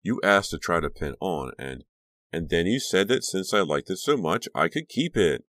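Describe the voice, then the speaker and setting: A man's voice: low-pitched, expressive, normal speed, fairly bright tone, dry recording, studio quality, voice pushed up. A man voicing a nervous, suspicious teenage girl in an audiobook reading. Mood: protesting.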